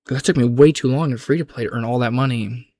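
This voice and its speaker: A man's voice: mid-range voice, fast, dark tone, dry recording. A young adult man in a casual, rambling gaming chat, loose and slangy, often restarting his sentences. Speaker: gaming vlogger.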